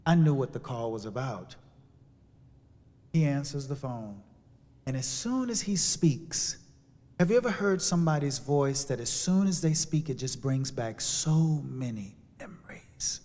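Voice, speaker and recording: A man telling a personal story as a sermon, with dramatic shifts from hushed to loud. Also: mid-range voice, expressive, measured pace. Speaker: speaker. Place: church sanctuary. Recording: long hall reverb.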